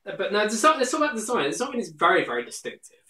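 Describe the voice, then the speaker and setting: A man's voice: high voice, big pitch swings, rapid-fire, pushed and bright, roomy sound, poor audio. A man hosting a casual beer review. He teases his co-host and talks with plenty of fillers and hesitations. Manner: teasing, jokey, hesitant with fillers. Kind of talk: casual chat.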